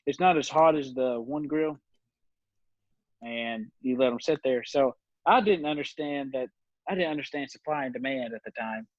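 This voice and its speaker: A man's voice: mid-range voice, moderate pace, no echo. Rambling young man telling stories. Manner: rambling, laughs often, lots of fillers. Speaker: podcast guest. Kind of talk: casual storytelling chat. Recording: dull, dry lo-fi recording.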